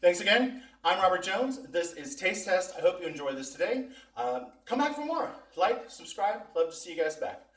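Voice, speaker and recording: A man's voice: high voice, very animated, normal speed, fairly bright tone. A man hosting a casual food taste-test vlog, chatting to viewers and talking with his mouth full as he eats. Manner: chatty, talks with mouth full while eating. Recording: echoey room, mic at a distance.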